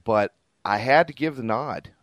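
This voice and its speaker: A man's voice: mid-range voice, a little slow, no echo. A man co-hosting a casual podcast chat, easygoing, with chuckling asides. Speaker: podcast co-host.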